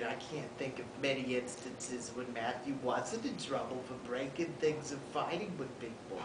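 A man's voice: on the high side, natural voice. A man playing a fond, folksy older mother in a distant, roomy, noisy student video.

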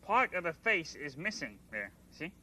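A man's voice: a little high, very animated, normal speed, bright, forceful tone, exaggerated voice. A man voicing a fussy, earnest male puppet in a children's puppet comedy sketch.

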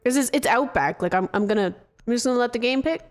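A woman streaming a shooter game, chatting casually with profane, excitable trash talk. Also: fairly high pitch, fast. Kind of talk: casual gameplay commentary.

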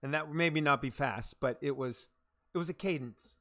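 A man streaming a game live, cheering on viewers with chanted catchphrases and muttering low asides in between. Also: normal speed, a bit bright.

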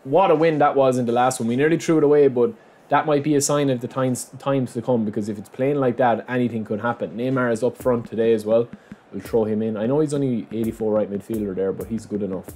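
Calling his own football game match for his YouTube audience, a man talks fast in a mid-range voice. He's full of excitement, addresses viewers as "lads," and bursts out shouting whenever something big happens.

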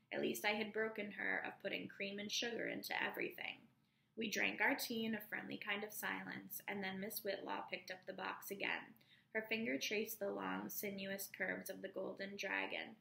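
A woman teacher reading a novel aloud to her students in a measured, careful way, calling out the page numbers as she goes. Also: medium pitch, gravelly, bright, forceful tone, echoey room.

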